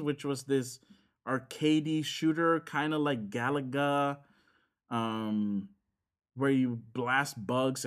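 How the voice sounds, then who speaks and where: A man's voice: medium pitch, a bit bright. A man, chatting casually on a podcast and rambling with lots of fillers and restarts. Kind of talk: casual chat about games.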